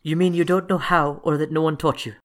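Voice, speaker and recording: A man with a fairly high voice speaks briskly with fairly even intonation, close to how he'd talk every day. He's voicing an old woman who teaches reading, firm but patient.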